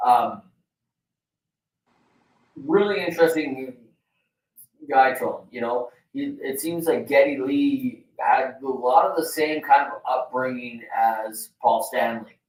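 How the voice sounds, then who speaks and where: A man's voice: mid-range voice, slow pace. A man co-hosting a casual chat show, rambling with lots of fillers and easy swearing. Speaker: show co-host. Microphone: video call. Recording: roomy, distant from the mic.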